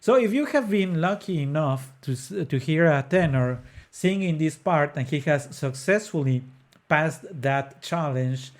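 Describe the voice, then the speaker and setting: A man's voice: fairly high pitch, animated, measured pace. A man hosting an opera podcast, explaining an aria earnestly with frequent hesitant fillers. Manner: breaks into sung phrases to demonstrate notes. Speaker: podcast host.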